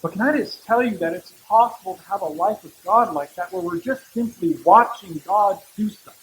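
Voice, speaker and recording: A middle-aged male pastor giving a sermon in a church, talking in a relaxed, conversational way with humorous asides. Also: high voice, normal speed, rough recording.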